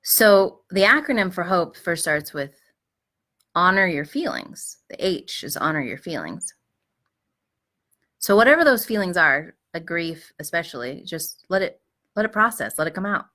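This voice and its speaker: A middle-aged woman hosting a live advice show, speaking gently and reflectively, with frequent fillers and restarts, clearing her throat now and then. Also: lowish voice, animated, moderate pace. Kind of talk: live-streamed advice talk.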